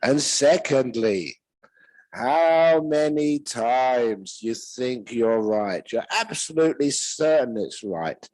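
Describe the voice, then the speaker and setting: An older man with a British accent, a monk giving a relaxed Dharma talk full of humorous stories, chuckling at his own jokes. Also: medium pitch, slow, no room sound, rough recording.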